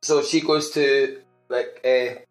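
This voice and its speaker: A man's voice: mid-range voice, steady tone, slow pace, soft background music. A Scottish man co-hosting a podcast, telling an amused, rambling anecdote in a casual chat. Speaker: podcast co-host. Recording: roomy echo.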